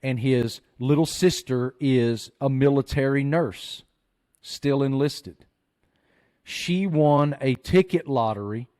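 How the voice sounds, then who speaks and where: A man hosting a podcast, telling a story in an earnest, animated way. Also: mid-range voice, slow pace, smooth. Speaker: podcast host. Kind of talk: storytelling chat.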